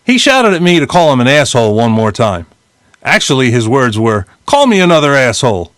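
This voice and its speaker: Lively storytelling man in his fifties. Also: mid-range voice, fairly quick, no echo, studio quality. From New Jersey. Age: 50s. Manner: lively, blunt storytelling with casual swearing. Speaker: memoir narrator. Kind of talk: audiobook reading of his own memoir.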